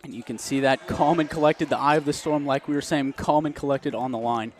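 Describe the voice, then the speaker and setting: This young man's voice is mid-range, steady and brisk as he calls a college basketball game as a student commentator. His play-by-play into a close mic is casual and jokey, punctuated by frequent laughter and slight breathlessness.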